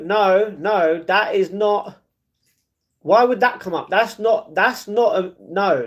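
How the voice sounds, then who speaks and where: Man, live streamer, casual chat, reads comments, laughs a lot, slightly high voice. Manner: chatty, laughs often, answers chat.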